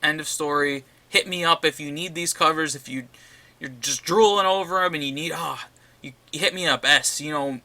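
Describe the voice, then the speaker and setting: Bright-voiced ranting male comic vlogger. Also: fairly high pitch, normal speed. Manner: ranting, profane, repeats himself. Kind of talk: casual rambling vlog.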